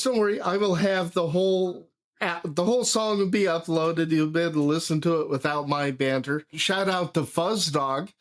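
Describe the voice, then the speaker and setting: A man hosting a live music reaction, enthusiastic, swearing and humming drum beats. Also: a little high. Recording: music playing behind.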